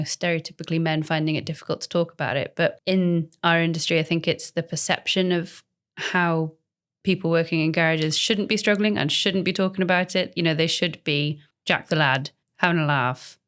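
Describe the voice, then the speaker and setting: Woman, slightly low pitch, encouraging chatty co-host. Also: clean tone. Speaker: podcast co-host. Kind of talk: casual chat.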